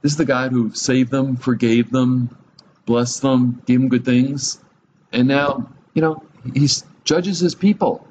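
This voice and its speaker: A man's voice: medium pitch, fairly even intonation, measured pace, darkish tone, lo-fi sound, a little hiss or hum. A man giving a conversational Bible teaching, chuckling often, adding humorous asides and asking his listeners direct questions.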